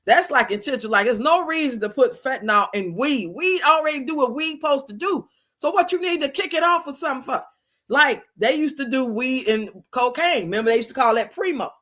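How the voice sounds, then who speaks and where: Bright-voiced chatty woman streamer. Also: high voice, animated, brisk. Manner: chatty, laughs often, acts out quotes. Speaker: livestream host. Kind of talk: casual storytelling chat.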